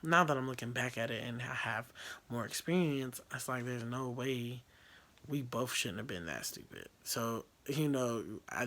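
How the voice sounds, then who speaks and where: A man's voice: mid-range voice, fairly bright tone. A young man telling a personal story to camera, candid and profane, rambling with fillers and restarts. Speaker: vlogger. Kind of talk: casual storytelling.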